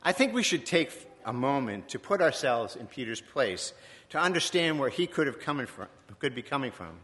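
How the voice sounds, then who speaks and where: A man from Virginia preaching a sermon in a church, reflective and conversational, with pauses and self-corrections. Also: mid-range voice, sing-song, a bit bright. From Virginia, USA. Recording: long echoing church reverb.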